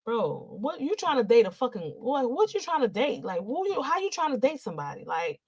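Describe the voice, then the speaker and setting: A woman's voice: fairly high pitch, big pitch swings, brisk, slightly rough, muffled recording. A woman in casual commentary, ranting and cursing in an exasperated way, with speech. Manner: profane, loud, exasperated ranting. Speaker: commentary vlogger.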